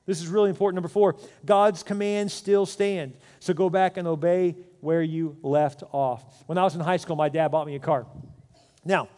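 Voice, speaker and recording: A male pastor delivers a sermon with a somewhat high voice, moving between quiet storytelling and emphatic rises. His words ring out with a long reverb, as in a large church sanctuary. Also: normal speed. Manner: storytelling, animated and emphatic, with repeated restarts.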